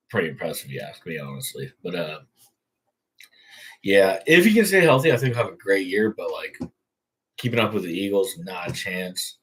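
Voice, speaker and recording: A man's voice: low voice, breathy edge, poor audio. A young man hosting a casual sports talk show, rambling and swearing freely. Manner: profane, rambling. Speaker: host.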